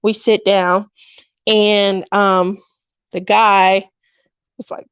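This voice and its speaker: A woman in her fifties hosts a craft livestream, chatting casually and telling stories with frequent laughs while acting out what people said. Her medium-pitched voice is level, clean and extremely slow. The recording is dry and muffled.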